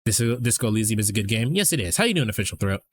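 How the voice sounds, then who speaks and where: A man's voice: lowish voice, expressive, rapid-fire, slight background noise. A man hosting a live stream, talking in a casual, rambling way and swearing freely. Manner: rambling, profane, conversational. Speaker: streamer host.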